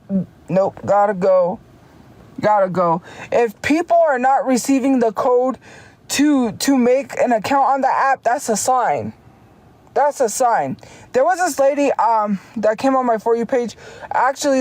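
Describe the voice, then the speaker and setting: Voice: medium pitch, darkish tone. A streamer ranting heatedly on a casual livestream, often restarting sentences. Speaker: live streamer.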